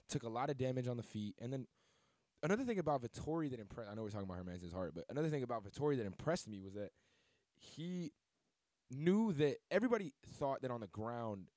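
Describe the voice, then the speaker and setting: A man's voice: mid-range voice, darkish tone, no echo, clean studio sound. Rambling casual male sports podcaster. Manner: loose, rambling, filler-heavy delivery with self-corrections. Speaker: podcast host.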